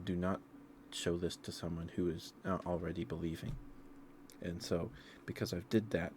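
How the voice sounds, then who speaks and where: A man's voice: deep voice, darkish tone, a little hiss or hum. A sleepy man in a casual ASMR stream, telling a meandering story in a loose, rambling way.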